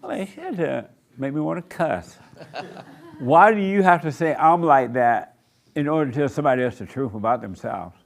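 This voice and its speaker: A man's voice: on the high side, lively intonation, fairly quick, gravelly. A man leading a church discussion, blunt and teasing as he challenges the people in the room. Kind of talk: blunt preaching in group talk.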